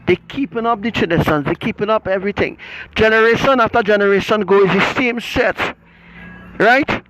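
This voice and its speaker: A middle-aged man, preaching in a forceful, repetitive livestream rant that keeps asking "right?". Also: high voice, moderate pace, low-quality recording. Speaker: self-styled religious teacher.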